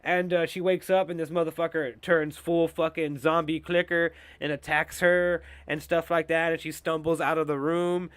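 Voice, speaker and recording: A man hosting a casual show review, talking in a rambling, excitable way with lots of swearing and filler words. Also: a little high, moderate pace, hardly any pauses, clean tone, no echo.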